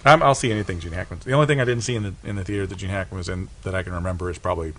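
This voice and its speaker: A man's voice: low-pitched, rapid-fire, a bit bright. A man co-hosting a podcast, chatting casually about a movie and acting out its lines in quoted voices. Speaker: podcast co-host. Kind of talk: casual movie review chat.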